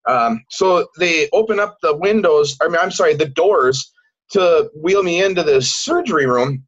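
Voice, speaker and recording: A man telling a personal story as a guest in a casual interview, halting and repeating words, acting out what people said. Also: fairly high pitch, a bit bright. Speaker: podcast guest. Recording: dull lo-fi recording.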